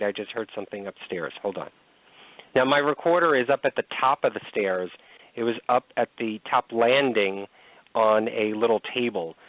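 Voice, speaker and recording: A man's voice: lowish voice, no echo. A man co-hosting a radio talk show, explaining a recording in a plain, repetitive way with many ums. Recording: dry, phone-like line.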